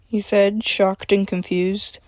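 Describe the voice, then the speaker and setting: A woman's voice: mid-range voice, flat delivery, takes it slowly, dry recording, studio quality. A woman reading her own story aloud, after a chatty introduction with fillers.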